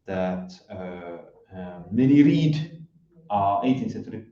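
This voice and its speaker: A man in a casual academic discussion, talking hesitantly with many pauses and fillers. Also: lowish voice, lively intonation, warm tone. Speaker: discussion partner. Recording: echoey, muffled room from a distance.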